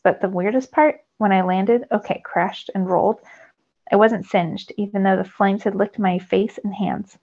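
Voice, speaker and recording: A woman teacher reading a novel aloud to her students, telling it with lively storytelling that rises with the action. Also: medium pitch, moderate pace. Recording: dull lo-fi recording.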